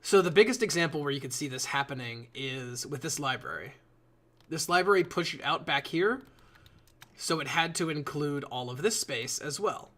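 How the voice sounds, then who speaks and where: A man streaming live, talking to his chat in a loose, rambling way with casual swearing. His voice sits a little high for a man and sounds bright and forceful. He drifts between explaining his build and chatting with viewers. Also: expressive, moderate pace. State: yawning a lot.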